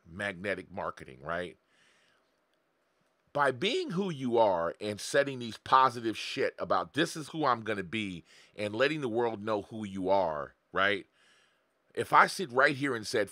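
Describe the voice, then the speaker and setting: Live-streaming a motivational session, a forties-aged marketing coach speaks to his audience with blunt, swear-laden advice and frequent laughter. He has a lowish, pushed, bright voice, and there's no room sound.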